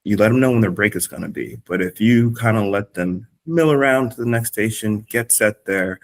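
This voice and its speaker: A man who is a fitness coach, explaining how to cue a group workout class in a relaxed discussion. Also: sits low. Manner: demonstrates energetic class cues, then calm explanations.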